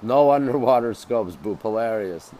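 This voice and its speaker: A man's voice: mid-range voice, normal speed, mellow, low-quality recording. A man from Montreal, casually chatting on a phone livestream from a hotel balcony, greeting viewers by name and repeating himself. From Montreal, Canada. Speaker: livestream host. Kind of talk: casual live-stream chat greeting viewers. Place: hotel balcony by the beach, outdoors.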